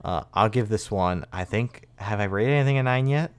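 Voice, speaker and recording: A man's voice: lowish voice, a little fast, smooth, dry recording. A man co-hosting a music podcast, chatting casually in a rambling way and swearing freely. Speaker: podcast co-host. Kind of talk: casual chat.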